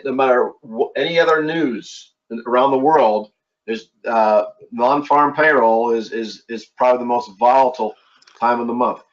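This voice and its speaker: A middle-aged man from Philadelphia hosting a casual trading webinar, talking in a halting way with many repeated words and fillers. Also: mid-range voice. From East Coast of the United States, Philadelphia. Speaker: webinar host and trading instructor. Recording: dull lo-fi online audio.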